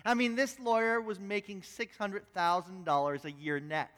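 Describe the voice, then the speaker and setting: A man preaching a sermon as a pastor, telling a story in a relaxed way and often repeating words as he goes. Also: high voice, normal speed, big-room sound. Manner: storytelling, repeats words as he talks, self-deprecating. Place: church.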